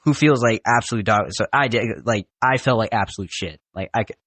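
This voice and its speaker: A man's voice: fairly low pitch, fairly quick, no echo. Young man, profane storyteller, casual podcast chat, dry studio sound. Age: young adult. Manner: animated, profane, acts out drill instructors. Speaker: recent Marine recruit guest.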